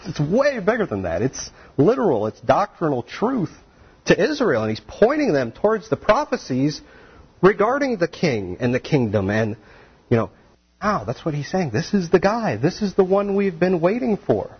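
Man, preacher, lively sermon delivery, breathy tone, dull recording. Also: a little high, moderate pace. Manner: animated, conversational preaching with asides and laughs.

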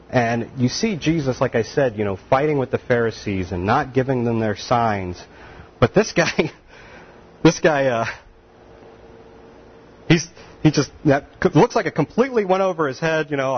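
A man's voice: medium pitch, animated, normal speed, husky, dull audio. A man preaching a sermon in a folksy, joking way, often laughing and acting out the voices of the people he quotes. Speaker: pastor.

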